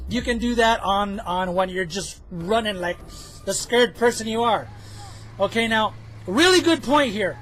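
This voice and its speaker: A man's voice: extremely high pitch, a bit bright, a little hiss or hum, rough recording. A man giving chatty, self-mocking commentary over his own gameplay footage, joking as he goes. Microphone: headphones with mic.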